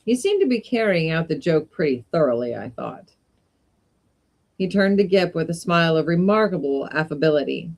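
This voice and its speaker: A woman reading a classic short story aloud in an unhurried way, with brief casual asides. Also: sits low, animated, a little mellow. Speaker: reader of short stories.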